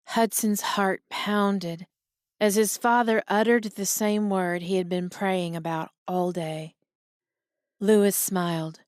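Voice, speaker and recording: A woman reading a romance audiobook in an even, measured scripted narration. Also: fairly low pitch, no room sound, clean studio sound.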